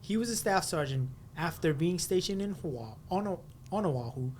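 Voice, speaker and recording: A man with a slightly raised pitch hosts a relaxed chat, chiming in to agree and recap what was said. A faint low rumble sits under his voice. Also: normal speed. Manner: affirming, summarizes, laughs along. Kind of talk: casual interview conversation.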